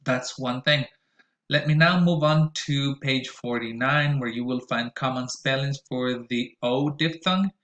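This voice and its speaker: A man's voice: mid-range voice, measured pace, fairly bright tone, echoey room, dull audio. A man teaching a recorded pronunciation lesson, explaining carefully with frequent "uh" and "um" fillers.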